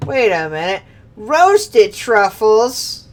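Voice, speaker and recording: A woman's voice: medium pitch, sing-song, drawn-out words. A woman streaming a video game, chatting casually, laughing often, swearing freely and reading game lines aloud. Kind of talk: casual gameplay commentary.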